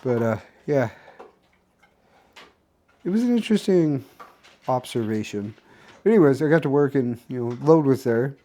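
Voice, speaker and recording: A man's voice: mid-range voice, lively intonation, moderate pace, pauses often, mellow. A young man casually recapping his day for a vlog, rambling with many restarts and fillers. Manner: rambling, restarts often, filler-heavy storytelling. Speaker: vlogger.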